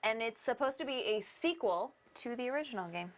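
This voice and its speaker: A woman's voice: on the high side, lively intonation, brisk. A woman co-hosting a gaming livestream, teasing and often laughing. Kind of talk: playful livestream chat. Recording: game stream with music behind.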